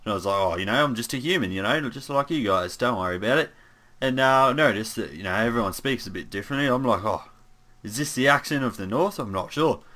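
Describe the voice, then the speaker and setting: A man's voice: mid-range voice, animated, fast talker, sharp tone. A man voicing a bumbling, easygoing young human paladin in an in-character monologue, rambling with lots of fillers and asides.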